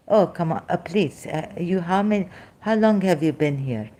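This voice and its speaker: A woman's voice: fairly low pitch, animated, moderate pace, mellow. A woman arguing religion in a dramatic, self-interrupting way with frequent apologetic asides. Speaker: ex-Muslim debater. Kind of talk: heated religious debate.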